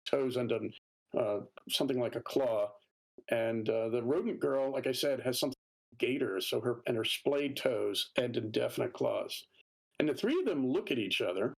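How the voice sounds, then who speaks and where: A man's voice: mid-range voice, moderate pace, gravelly, husky, rough recording. A man narrating as game master of a tabletop game, describing scenes at length with frequent fillers.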